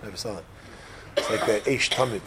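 A man's voice: lowish voice, fairly quick, a crowd in the background. A middle-aged man lecturing a live audience, telling personal stories, joking and putting questions to the listeners. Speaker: speaker addressing an audience.

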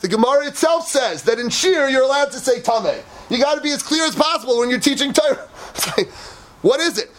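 A man, a rabbi, giving a lively Torah talk with laughing asides and acted-out quotes. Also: sits high.

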